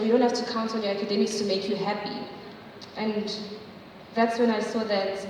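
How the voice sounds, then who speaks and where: A young woman giving a testimony in church, chatty and animated, often saying "like" and acting out quotes. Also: mid-range voice, moderate pace. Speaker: church speaker sharing a testimony. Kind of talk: sermon-style testimony. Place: church hall. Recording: echoey hall from far off, faint noise.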